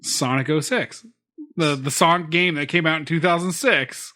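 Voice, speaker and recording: A man's voice: on the high side, normal speed, pushed and bright. A man co-hosting a casual gaming podcast, easygoing and teasing, often restarting his sentences. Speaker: podcast co-host.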